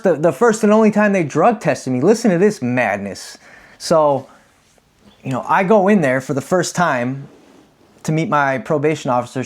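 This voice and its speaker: Male host, 30s, confessional storytelling, candid and conversational, mid-pitched voice. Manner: candid, animated when acting out quotes. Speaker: podcast host.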